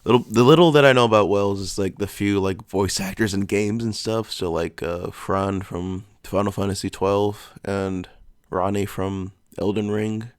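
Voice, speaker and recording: American man, very deep voice, casual reaction chat, blunt, swears, curious questions, dry sound. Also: fairly even intonation, normal speed, smooth, no room sound. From United States. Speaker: reaction video host.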